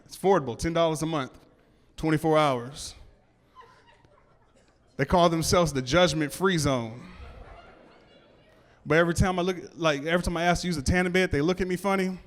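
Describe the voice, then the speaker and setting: A man with a fairly high, smooth, clear voice works a comedy club crowd, his talk loose and rambling with stammered restarts. He is miked on stage and sounds clean and close. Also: normal speed, long pauses, fairly bright tone. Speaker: stand-up comedian. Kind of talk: stand-up set before a live audience.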